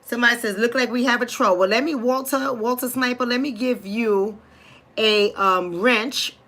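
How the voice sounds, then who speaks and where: A woman's voice: on the high side, moderate pace, fairly bright tone. A woman with a New York accent hosting a live commentary stream, blunt and outspoken, talking straight to her chat. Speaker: livestream host.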